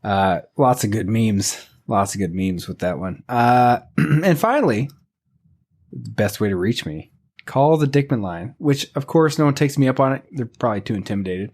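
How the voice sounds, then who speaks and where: A man co-hosting a casual podcast, joking dryly and relaxed. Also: medium pitch, normal speed. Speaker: podcast co-host.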